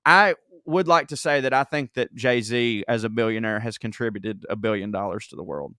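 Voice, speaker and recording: A man co-hosting a comedy podcast, reading listener emails aloud with animated storytelling and frequent laughter. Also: mid-range voice, normal speed, clean tone, no echo, studio quality. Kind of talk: casual comedic podcast banter.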